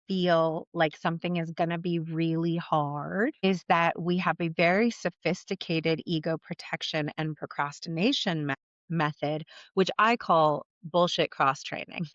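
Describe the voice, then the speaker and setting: A woman's voice: on the low side, no echo. A woman podcast host and life coach talking through a solo episode in a candid, conversational way, blunt and willing to swear. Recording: dull, slightly muffled dry recording.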